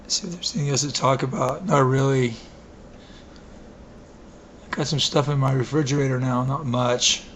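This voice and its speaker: Hoarse man rambling in a video diary. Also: mid-range voice, fairly even intonation, moderate pace, pauses often. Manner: meandering, many fillers and restarts, self-deprecating. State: hoarse, coughing. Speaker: vlogger. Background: wind blowing outside.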